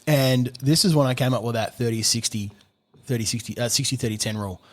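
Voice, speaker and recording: A middle-aged man, a gunsmith telling a story on a podcast, animated, swearing and laughing often. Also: mid-range voice, fast talker. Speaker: gunsmith guest.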